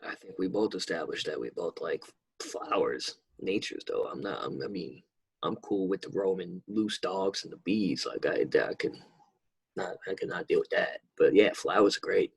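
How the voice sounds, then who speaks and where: Husky New man chatting casually. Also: deep voice, moderate pace. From New York. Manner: laid-back, rambling, swears freely. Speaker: podcast co-host. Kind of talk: casual chat.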